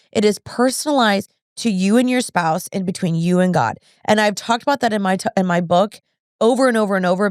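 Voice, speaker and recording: Woman in her 30s chatting on her podcast, smooth clear voice, dry close mic, lots of "like". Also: mid-range voice, no room sound. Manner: chatty, earnest, lots of fillers. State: pregnant. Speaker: podcast host. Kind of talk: casual chat.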